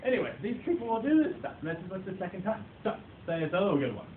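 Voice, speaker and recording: A man's voice: sits high, very animated, racing. A man giving a humorous club speech to a live audience. He tells playful, self-mocking stories about himself. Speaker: club speaker. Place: meeting room with an audience. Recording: tinny echoey far-off recording, noisy.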